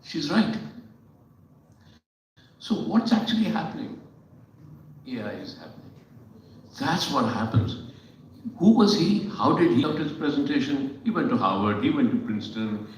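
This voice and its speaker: A man's voice: mid-range voice, a little slow, a little hiss or hum. Indian man telling stories in an echoey hall. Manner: animated storyteller with rhetorical questions. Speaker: panel speaker. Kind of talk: storytelling talk at a panel. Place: event hall on stage. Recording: echoey hall from far off, dull sound.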